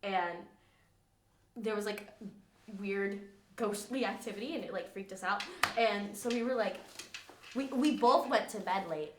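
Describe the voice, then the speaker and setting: A woman's voice: medium pitch, slight background noise. Giggly young woman in an echoey room. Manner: giggly, quick, slangy storytelling. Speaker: podcast co-host. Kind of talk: casual chat.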